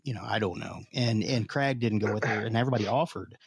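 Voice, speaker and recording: Halting, dry-voiced man in casual chat. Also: lowish voice, gravelly, slightly rough, no echo. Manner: halting, many fillers and restarts, self-described curmudgeon. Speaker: podcast co-host, tabletop player.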